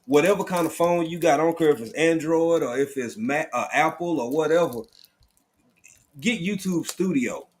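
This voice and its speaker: A man's voice: fairly high pitch, normal speed. A man from Texas with a Texan accent, co-hosting a casual live stream in a folksy, laid-back way.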